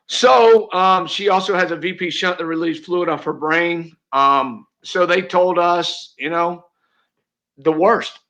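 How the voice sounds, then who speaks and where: Speaking slowly in a high, slightly bright voice, a middle-aged man recounts something heartfelt and personal. He's a real estate agent on as an interview guest, and he comes across as earnest, restarting his sentences many times.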